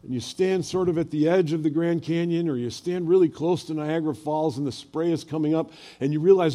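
A man's voice: a little high, normal speed, warm tone. An older man preaching a sermon as a pastor, telling personal stories in a conversational way and asking the audience questions.

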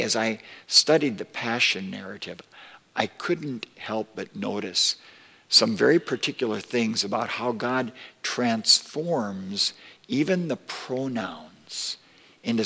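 A man preaching a sermon as pastor, slow and deliberate, rising with emphasis when quoting scripture. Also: fairly low pitch, gravelly, sharp tone, husky, big-room sound. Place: church sanctuary.

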